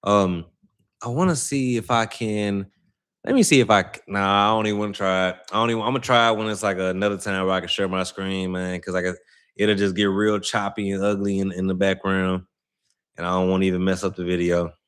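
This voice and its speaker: A young Saint Louis man hosting a casual livestream speaks in a low, steady, clean voice that's a bit bright and a little fast. His chatty, rambling talk with viewers is slangy and full of "you know what I'm saying."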